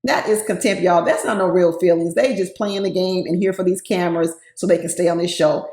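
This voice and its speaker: A woman's voice: lowish voice, fairly even intonation, a little fast, a little mellow. A woman giving casual, opinionated commentary on a reality show, talking straight to her viewers with sass. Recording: roomy echo.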